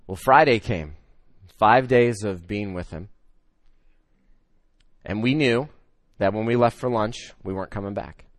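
A man's voice: fairly low pitch, measured pace, pauses often, no echo, clean studio sound. Man preaching a story-driven sermon. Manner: storytelling with swings from loud excitement to hushed emotion. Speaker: pastor.

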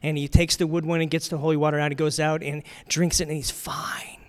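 A man preaching a conversational sermon, asking his listeners questions and swinging from loud, lively storytelling to hushed reflection. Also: fairly high pitch, fairly quick. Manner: chatty, asks the audience questions, drifts from loud to hushed. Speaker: pastor.

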